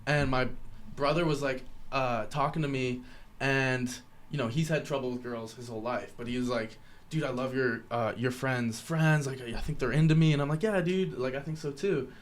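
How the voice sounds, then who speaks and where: A man's voice: mid-range voice, steady tone, normal speed. Young man, podcast host, casual storytelling, acts out dialogue, swears casually.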